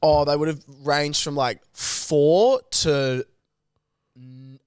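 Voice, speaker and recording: A man's voice: on the high side, slow, a little mellow, clean tone, dry recording. An Australian man co-hosting a podcast in a studio, teasing his co-host in playful casual chat.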